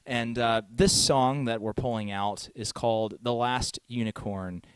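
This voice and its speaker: A man's voice: medium pitch, steady tone, unhurried, smooth, dry recording. A man hosting a live music stream, chatting casually with lots of fillers and frequent chuckles.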